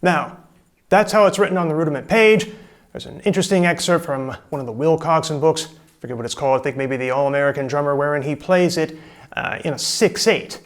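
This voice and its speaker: Lockerer Schlagzeuglehrer, Mann mit etwas höherer Stimme. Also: male voice, on the high side, brisk. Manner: relaxed, explains step by step, counts in. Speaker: drum teacher. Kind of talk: casual instructional talk. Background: drums.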